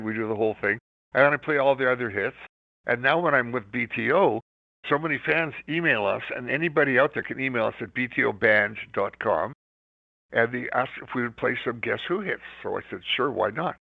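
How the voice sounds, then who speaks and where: Older Canadian man, gravelly voice, rambling storyteller on a tinny phone line, dry sound. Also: mid-range voice, no room sound. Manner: rambling, enthusiastic anecdotes. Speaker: interview guest, rock musician. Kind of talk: casual storytelling interview.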